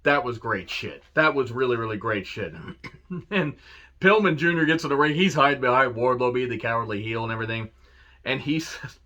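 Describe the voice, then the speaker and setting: A man giving a casual solo review of a wrestling show, cursing freely, laughing and quoting promo lines with excitement. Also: medium pitch, moderate pace, highs cut off. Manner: profane, enthusiastic, laughs and quotes lines.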